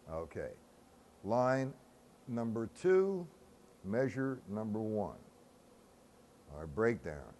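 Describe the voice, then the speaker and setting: A man's voice: lowish voice, lively intonation, slow pace, long pauses, a little mellow, slight background noise. A man teaching a drum-reading lesson, patient and methodical, counting beats aloud step by step. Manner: casual with fillers, clears throat. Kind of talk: music lesson.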